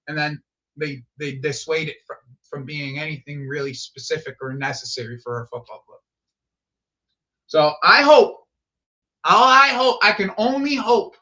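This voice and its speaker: Profane rambling man, bright voice. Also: high-pitched. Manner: rambling and profane, repeats phrases, blurts reactions to play. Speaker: live stream host. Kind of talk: casual football watch-along chat.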